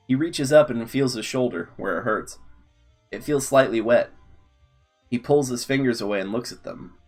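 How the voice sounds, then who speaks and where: A man with a low voice reads a long story aloud, steady and unhurried. Faint guitar music sits quietly beneath his narration.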